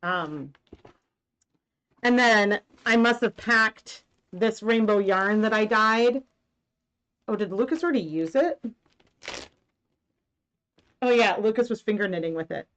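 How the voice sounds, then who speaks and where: A woman's voice: mid-range voice, slow pace, pauses often, a bit bright. A woman in her thirties hosting a casual knitting live stream from home, talking in a rambling way with many fillers. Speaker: knitting and yarn-dyeing host.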